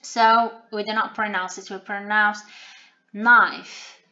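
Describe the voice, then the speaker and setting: A woman teaching vocabulary, repeating each word slowly three times and explaining pronunciation plainly. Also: mid-range voice, level tone, bright, forceful tone, highs cut off. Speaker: language teacher. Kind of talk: vocabulary lesson, repeating words.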